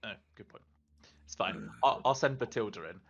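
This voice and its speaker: A man playing in a tabletop game, explaining his moves in a relaxed way. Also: lowish voice, normal speed, creaky. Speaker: player. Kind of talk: casual tabletop play. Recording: dull lo-fi mic.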